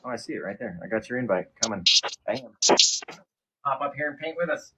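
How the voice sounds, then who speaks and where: A man hosting a live painting stream, chatting casually and joking while he paints, often trailing off into quiet mumbles. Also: medium pitch, expressive, fairly quick, very noisy.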